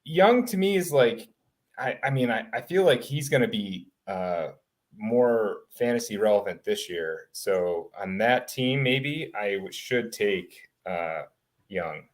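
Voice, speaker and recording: A man's voice: lowish voice, expressive, takes it slowly. A man on a podcast panel, speaking casually and hesitantly, stammering through restarts and trailing off. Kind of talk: casual chat.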